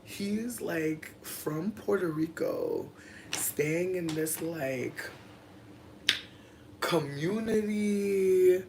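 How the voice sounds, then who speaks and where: Extremely slow and creaky with huge pitch swings, this mid-range voice belongs to a young adult streamer. They ramble a profane story full of fillers, jumping between it and viewers' comments, as a faint hiss runs underneath.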